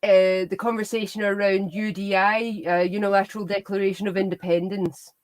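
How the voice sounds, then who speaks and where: An opinionated woman argues her point in a casual political chat. She speaks emphatically and at a middle pitch. The sound is dry and close. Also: level tone, fairly quick, no room sound.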